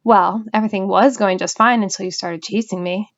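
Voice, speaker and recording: A woman reading the part of a tired male policeman who speaks calmly and wearily. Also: medium pitch, a little fast, lo-fi sound, natural voice. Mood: weary. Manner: calm and weary.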